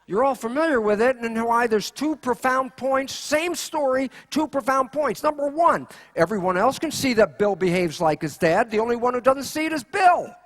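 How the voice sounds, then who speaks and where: A man giving a keynote lecture, animated, asking rhetorical questions and acting out quoted voices. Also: very high-pitched, normal speed, hardly any pauses. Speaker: conference speaker.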